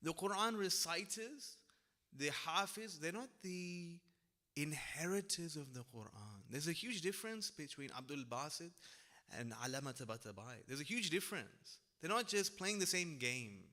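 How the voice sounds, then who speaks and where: A man's voice: a little high, animated, normal speed, bright, forceful tone. A young man on a religious discussion panel, speaking casually and reflectively, often checking in with "right?". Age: young adult. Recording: long hall reverb.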